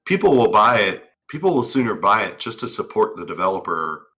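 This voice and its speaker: A man with a fairly low voice co-hosts a casual online talk show, speaking a little fast over soft background music. His chat is relaxed, loose, and padded with filler words.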